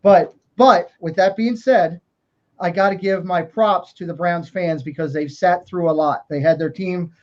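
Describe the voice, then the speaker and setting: A man co-hosting a relaxed livestream with a fairly high voice. He chats easily and reads viewer comments aloud. The stream audio is muffled and lo-fi. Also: a little slow. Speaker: livestream co-host. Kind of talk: casual chat.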